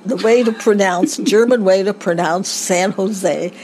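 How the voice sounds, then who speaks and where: Older woman interviewee, halting rambling reminiscence, faint background hiss. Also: mid-range voice, darkish tone, poor audio. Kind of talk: family oral history recollection.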